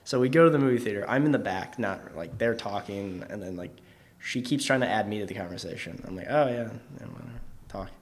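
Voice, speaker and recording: A man's voice: on the low side, fast talker. Rambling young man telling a story. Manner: rambling, filler-heavy, laughs while telling. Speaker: podcast co-host. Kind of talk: casual storytelling chat.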